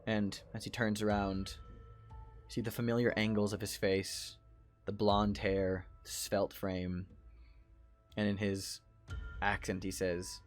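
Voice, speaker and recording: A man running a tabletop horror game as game master, narrating scenes and slowing on details. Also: on the low side, level tone, faint music behind.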